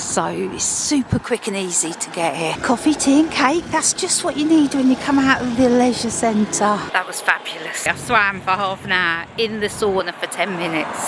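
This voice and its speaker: A woman's voice: mid-range voice, noisy background. A woman chatting upbeat to camera in a casual vlog. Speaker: vlogger.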